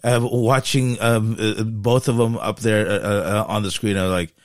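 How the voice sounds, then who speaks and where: A man co-hosting a podcast in casual chat, halting and full of fillers, laughing often. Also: fairly low pitch, fairly even intonation, dry recording, clean studio sound. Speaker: podcast co-host.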